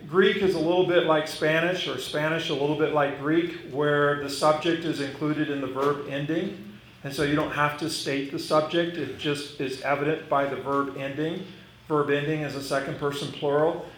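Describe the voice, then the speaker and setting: Emphatic pastor in echoey hall. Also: male voice, on the high side, fairly even intonation, a little slow, a bit bright. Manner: emphatic, repeating key phrases. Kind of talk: sermon. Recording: echoey room with some noise.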